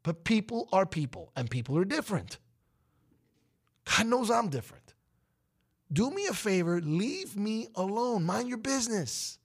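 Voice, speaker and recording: Emphatic talk show host, lively. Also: male voice, high voice, moderate pace, slightly rough. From United States. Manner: emphatic, preachy, rising to outbursts. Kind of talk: opinion monologue on a talk show.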